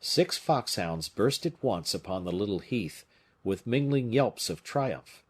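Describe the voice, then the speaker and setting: A man narrating an adventure novel as an audiobook in an expressive storytelling manner. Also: lowish voice, measured pace, husky.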